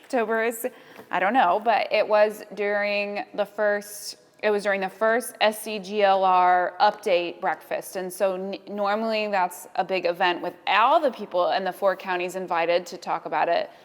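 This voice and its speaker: A woman's voice: mid-range voice, fairly even intonation, moderate pace, in a large hall. A woman, a foundation fellow, candidly recounting a stressful first event in a casual roundtable, often laughing.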